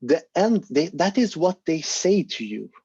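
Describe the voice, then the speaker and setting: A man hosting an online talk, speaking earnestly and encouragingly, with fillers as he thinks aloud. His voice is dark and a little husky. The call audio is dry and muffled. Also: fairly high pitch, sing-song, measured pace, dry recording. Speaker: volunteer presenter of an online discussion. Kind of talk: casual explanatory talk on a video call.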